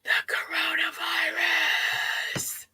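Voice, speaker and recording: A woman voicing a creepy male prank caller in a breathy, hoarse whisper, as a whispered role-play. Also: very high voice, completely flat delivery, drawn-out words, pushed and bright, no echo, voice pushed up, full character voice. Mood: menacing.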